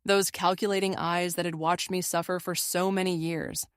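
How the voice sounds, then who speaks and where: A woman narrating a first-person family drama story in a steady, measured way. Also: on the low side, clear, resonant tone, dry recording, clean studio sound.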